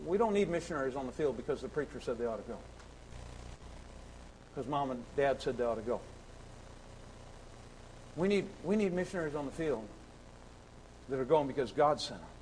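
A man preaching a sermon, impassioned and repetitive, swinging between shouts and hushed pleading. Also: mid-range voice, animated, a little fast, long pauses, a little hiss or hum, low-quality recording. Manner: sings hymn lines briefly.

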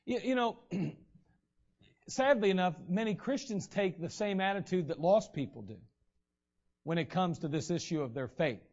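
A man's voice: high-pitched, expressive, a little slow, darkish tone. A man preaching a sermon in a conversational way, acting out the voices of the people he quotes. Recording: dull, lo-fi recording.

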